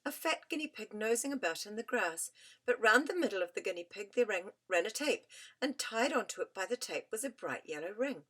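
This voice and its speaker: A woman narrates a storybook in a gentle, expressive way, her pitch rising and falling freely from line to line. Her voice sits in a middle register, neither high nor low. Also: a little fast. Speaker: audiobook narrator. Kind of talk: storybook reading aloud.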